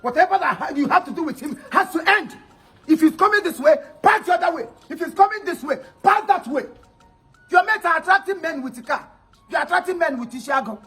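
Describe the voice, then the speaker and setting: A man doing a high-voiced furious Nigerian father. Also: expressive, fairly quick, faint music behind, heavily acted. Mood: scolding. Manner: loud scolding, insults and threats. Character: angry shouting older father protecting daughter. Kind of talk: comedy skit.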